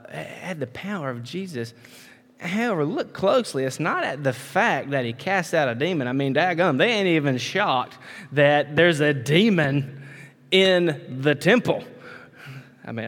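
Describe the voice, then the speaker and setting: A man's voice: fairly high pitch, creaky, a bit bright. A man preaching a sermon in a conversational way, repeating words, with frequent "right?" asides and folksy emphatic turns of phrase. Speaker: pastor. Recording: long reverb of a large hall.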